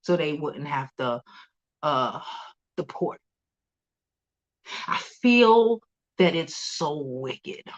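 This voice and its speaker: Chatty woman with a lively pitch. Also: extremely slow, pauses often, dull audio. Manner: chatty, laughs often, curses freely. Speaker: host of a celebrity news livestream. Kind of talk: casual livestream chat.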